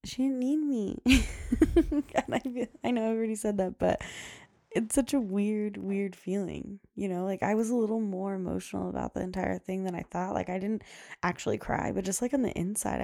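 A woman's voice: medium pitch, steady tone, moderate pace, creaky, warm tone, no room sound, clean studio sound. A young woman podcast host telling a story in a casual, chatty way, filling her speech with "like" and laughing often.

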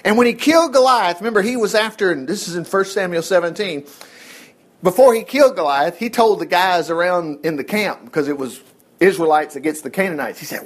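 A man's voice: high-pitched, lively intonation, fairly quick. A man giving a casual Bible study, folksy and digressive, who slips into little acted asides.

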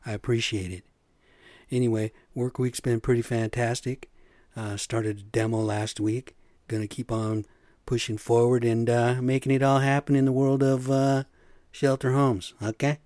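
A man rambles through a solo podcast rant, opinionated and loose with folksy slang. His voice sits at an ordinary middle pitch. The recording is dry and close, with no room sound. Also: flat delivery, moderate pace, a little mellow, no echo. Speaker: podcast host.

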